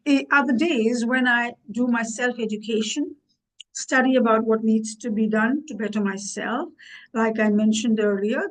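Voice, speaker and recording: A woman in her sixties talking to camera for her vlog, earnest and thinking aloud with frequent pauses and fillers. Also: on the high side, low-quality recording. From USA. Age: 60s. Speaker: YouTube vlogger. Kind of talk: casual vlog talk to camera.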